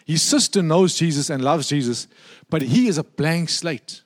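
Man, pastor, sermon, high voice, conversational, humorous storytelling. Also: normal speed.

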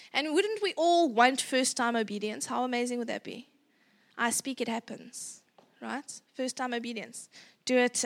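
A woman in her thirties giving a casual parenting workshop talk, chatty and animated, acting out parents and children. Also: a little high. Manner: chatty and animated, acts out parent and child voices, laughs often.

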